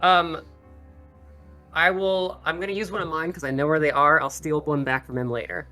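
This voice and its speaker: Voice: medium pitch, fairly even intonation, normal speed, sharp tone, soft background music. A player in a tabletop game who thinks aloud cautiously, often restarting sentences. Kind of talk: casual chat at a game table.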